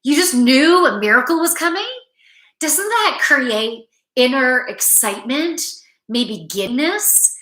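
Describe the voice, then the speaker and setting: A woman's voice: sits high, animated, a little slow, pushed and bright, reverberant, rough recording. A woman doing a casual spiritual card reading, chatty and rambling, tired from little sleep and laughing at herself. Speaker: tarot card reader.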